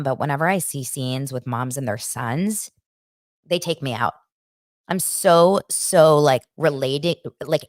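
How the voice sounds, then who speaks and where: A woman's voice: low-pitched, no room sound, studio quality. Chatty woman recapping reality TV gossip. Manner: chatty, animated, acts out quotes. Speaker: podcast host.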